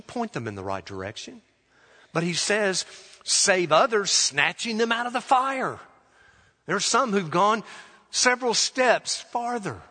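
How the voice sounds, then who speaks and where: Husky-voiced preaching man, animated delivery. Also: mid-range voice, in a large hall. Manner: emphatic preaching with dramatic pauses and rising, falling delivery. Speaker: pastor. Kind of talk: sermon. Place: church sanctuary.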